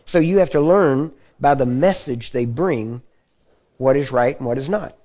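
Man preaching a casual, dark-toned sermon. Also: medium pitch, a little slow. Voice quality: clears throat often. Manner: conversational teaching with frequent check-ins to the audience.

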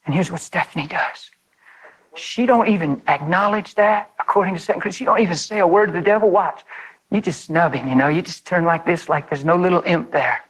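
A man preaching a sermon, fervent and animated, speaking straight to his listeners and acting out prayers. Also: brisk, husky, low-quality recording. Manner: fervent, animated, voice leaps high when excited; addresses listeners directly and acts out prayers.

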